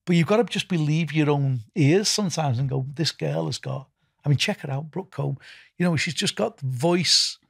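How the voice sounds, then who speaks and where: Man, Liverpool accent, middle-aged, husky, slightly high, rambling interview talk. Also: normal speed, no echo, clean studio sound. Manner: rambling, many restarts and "you know". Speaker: festival founder and guest.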